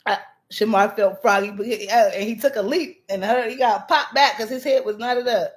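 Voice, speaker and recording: Lively woman chatting on a livestream. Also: on the high side, normal speed. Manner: animated, laughs often, talks to chat. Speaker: livestream host. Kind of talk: casual livestream chat.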